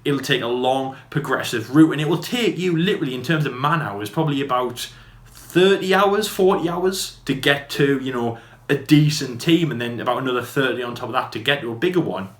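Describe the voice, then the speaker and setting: A man co-hosting a podcast, chatting casually in a quick, rambling way full of fillers and restarts. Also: medium pitch. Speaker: podcast co-host. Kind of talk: casual debate chat. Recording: echoey room.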